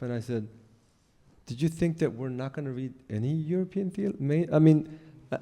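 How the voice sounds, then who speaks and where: A man, a theology professor, answering questions after a lecture in an animated way, laughing and acting out the voices he quotes. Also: on the high side, normal speed. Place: lecture hall. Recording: reverberant lecture hall.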